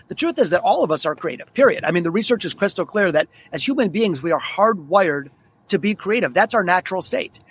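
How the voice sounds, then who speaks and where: Man, 40s, podcast guest, quick energetic storytelling, slightly high voice. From Detroit, United States. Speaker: guest author. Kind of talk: podcast interview.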